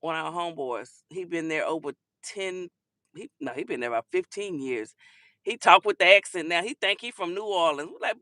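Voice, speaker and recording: A woman's voice: on the low side, expressive, moderate pace, pushed and bright, no echo, studio quality. A woman hosting a casual talk show, chatting and giving sassy commentary on viral clips, calling listeners honey and baby.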